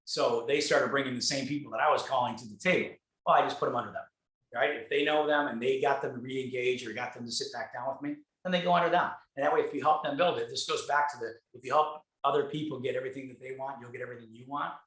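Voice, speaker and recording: A man from Michigan talking shop in a bright, forceful voice, blunt and quick to swear. He acts out both sides of conversations as he tells his stories, and the sound carries a roomy echo. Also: mid-range voice, fairly even intonation. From Michigan, USA. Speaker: guest speaker, real estate team leader. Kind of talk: casual conversational storytelling on a video call.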